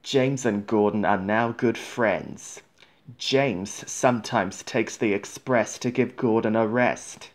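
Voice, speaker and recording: A man reads a children's storybook aloud, gentle and measured. His voice is fairly low and his delivery is very slow and clear.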